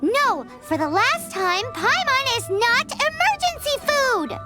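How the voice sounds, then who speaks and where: A woman's voice: big pitch swings, slow pace, full character voice. A woman voicing a tiny, chirpy, food-loving female companion creature in a game cutscene, who speaks of herself by name. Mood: indignant. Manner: refers to herself by name, squeaky and indignant. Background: game music.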